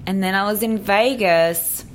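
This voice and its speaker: A woman's voice: medium pitch, a little slow, a little hiss or hum. A young woman from Australia, speaking easily as an interview guest. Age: young adult. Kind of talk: casual interview chat.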